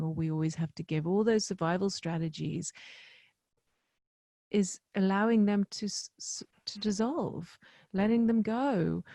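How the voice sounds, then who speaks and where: A woman host with a warm, mellow, low voice, recorded close and dry. She speaks very slowly and softly, reflecting back and affirming what she hears. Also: no echo. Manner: slow, soft, affirming. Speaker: podcast host. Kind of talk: reflective interview talk.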